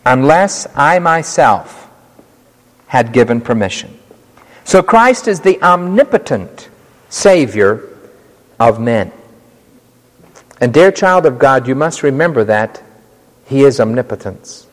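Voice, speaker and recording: A man preaching a sermon, acting out the voices of the scene with a dramatic delivery, slowing down on key words. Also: medium pitch, sing-song. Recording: reverberant hall.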